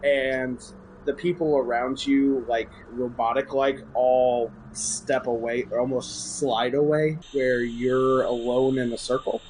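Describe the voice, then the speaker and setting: A man's voice: mid-range voice, fairly even intonation, a little slow, hardly any pauses, a little mellow, a little hiss or hum, low-quality recording. A man narrating a tabletop game as game master, with fillers and restarts.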